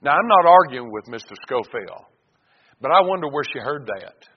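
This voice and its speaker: A man's voice: medium pitch, animated, moderate pace, breathy edge. A male preacher giving a folksy, emphatic sermon and reading scripture aloud in a church. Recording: dull echoey church recording with faint hiss.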